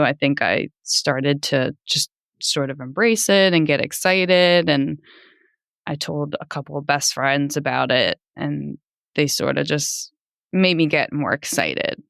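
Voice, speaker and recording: A woman in her thirties, a podcast guest, telling a personal story in an animated way, laughing often and jumping high when she quotes people. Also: creaky, dry recording, clean studio sound.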